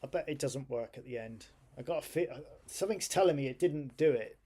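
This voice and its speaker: Tired male streamer, casual, self-talking commentary, mid-pitched voice. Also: fairly quick, mellow. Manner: tired, thinking aloud while waiting on a computer. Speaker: retro computing streamer.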